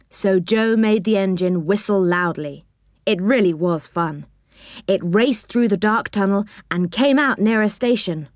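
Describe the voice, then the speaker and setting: A woman reading a children's storybook aloud with expressive, animated narration. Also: mid-range voice, unhurried, no room sound, clean studio sound.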